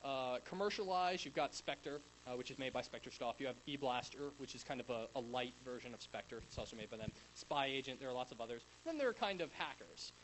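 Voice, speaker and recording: A man's voice: medium pitch, animated, a little fast, few pauses, a bit bright, slight background noise, low-quality recording. A young man giving a casual, rambling talk at a tech conference in front of a live audience, with many fillers and restarts. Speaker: conference speaker.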